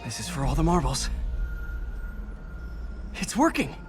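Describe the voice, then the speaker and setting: An actor voicing an energetic young masked hero in a video game, quick and quippy. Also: male voice, a little high. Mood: upbeat. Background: game music.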